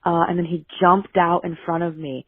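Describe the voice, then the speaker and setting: A woman tells a story in a voicemail, pausing often with filler sounds. Her lowish voice is thin and phone-like. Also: level tone, husky, no room sound. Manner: hesitant, full of uhs. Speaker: caller leaving a voicemail. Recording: tinny phone line.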